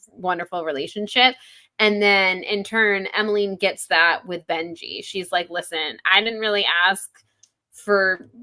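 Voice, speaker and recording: Woman, podcast co-host, bright forward tone, reflective casual chat full of fillers. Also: fairly low pitch, no room sound. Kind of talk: casual book-club chat.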